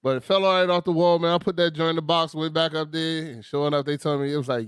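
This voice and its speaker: A man's voice: fairly high pitch, fast talker, hardly any pauses, clear, resonant tone, dry recording, clean studio sound. A man, telling funny stories in a casual chat and laughing often. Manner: animated, laughing storyteller with slang. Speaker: podcast co-host.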